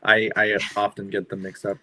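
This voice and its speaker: A man's voice: lowish voice, monotone, moderate pace, sharp tone. A French Canadian man co-hosting a casual livestream, rambling and hesitant with many fillers. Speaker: co-host.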